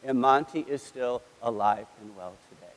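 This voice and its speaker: A middle-aged man preaching a sermon as a pastor, telling a family story with animated delivery and acting out his sons' lines. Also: mid-range voice, moderate pace. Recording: long hall reverb.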